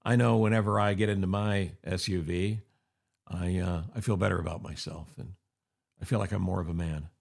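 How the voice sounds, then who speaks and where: A man's voice: low-pitched, fairly even intonation, brisk, gravelly. An older man from upstate New York hosting his podcast in a chatty, wry monologue from his office, full of sarcastic asides. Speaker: podcast host. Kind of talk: casual monologue. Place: home office.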